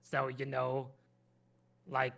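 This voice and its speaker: Bright-voiced male player, playful and giggly. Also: medium pitch, completely flat delivery, very slow, creaky. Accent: non-native English. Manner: playful, giggly, grumbling in character. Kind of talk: tabletop role-play.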